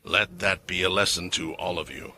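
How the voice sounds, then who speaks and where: A man's voice: low-pitched, steady tone, moderate pace, sharp tone, a little hiss or hum, pitched below the performer's own voice. A man voicing a big, harsh male expedition commander in a fantasy story recap, stern and barking orders. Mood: cold, menacing.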